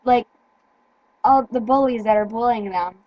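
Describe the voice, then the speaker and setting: A teenage girl in casual chat, speaking earnestly with halting restarts and repeated words. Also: a little high, dry recording, lo-fi sound. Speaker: teen vlogger.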